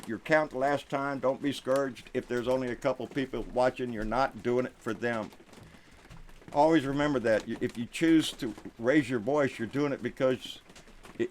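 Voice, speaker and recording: A middle-aged man with a Texan accent hosting a live stream political rant, folksy, with quiet asides and loud outbursts. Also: mid-range voice, moderate pace, slight background noise.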